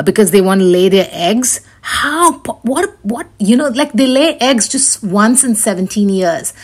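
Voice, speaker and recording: A woman hosts her podcast alone and talks loosely from one thought to the next. She stops and restarts sentences and fills the gaps with "uh" and "you know." Her voice sits at a middling pitch for a woman. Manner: rambling, chatty, many fillers and restarts. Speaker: podcast host. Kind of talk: casual solo podcast chat.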